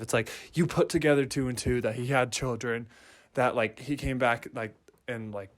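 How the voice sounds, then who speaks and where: A man's voice: mid-range voice, moderate pace. Co-host, man, rambling earnest film talk, lots of fillers. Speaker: podcast co-host. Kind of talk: casual movie review chat.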